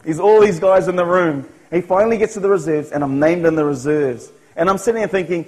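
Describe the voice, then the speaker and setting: A man's voice: high-pitched, animated, brisk, few pauses, low-quality recording. A man with a New Zealand accent telling his personal testimony as a sermon, earnest, acting out his own thoughts along the way. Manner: earnest storytelling, voicing his own thoughts, chuckles at himself. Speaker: speaker giving a personal testimony.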